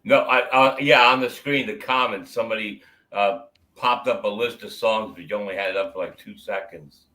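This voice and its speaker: Bright-voiced joking man on a stream. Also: on the low side, moderate pace. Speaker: stream co-host reacting to music. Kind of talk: casual live-stream chat.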